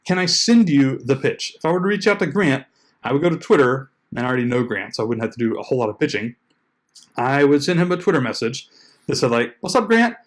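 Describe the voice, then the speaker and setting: A man's voice: medium pitch, lively intonation, fast talker. A man coaching bloggers in a loose, conversational way, with lots of likes and uhs, playing out the emails he quotes. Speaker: blogging coach and podcast host. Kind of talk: casual tutorial talk.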